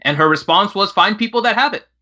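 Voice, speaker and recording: A man co-hosting a casual game livestream, arguing his point in a measured way. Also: high voice, lively intonation, bright, forceful tone. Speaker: livestream co-host. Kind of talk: casual chat. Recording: dull lo-fi audio.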